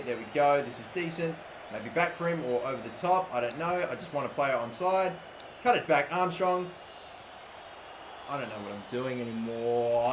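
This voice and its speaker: A young man giving casual commentary over a football video game, excitable and swearing when annoyed. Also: medium pitch. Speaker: gaming YouTuber. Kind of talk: gameplay commentary. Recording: echoey room with faint ambient noise.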